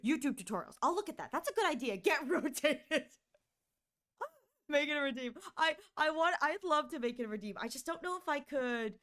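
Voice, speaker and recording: Bubbly high-voiced woman streamer. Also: fast talker, few pauses. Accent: Northern US. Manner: bubbly and excitable, laughs often. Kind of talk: casual live-stream chat.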